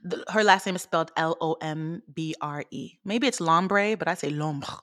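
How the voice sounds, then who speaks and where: A woman's voice: low-pitched, brisk, no echo, clean studio sound. A young woman co-hosting a podcast in casual chat, laid-back and slangy, laughing easily. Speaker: podcast co-host.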